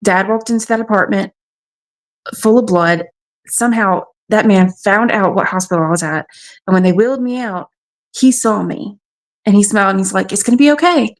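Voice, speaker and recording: As a guest on a radio show, a woman from South Carolina, USA, gives a frank, matter-of-fact account of a personal ordeal. She speaks at a medium pitch and moderate pace.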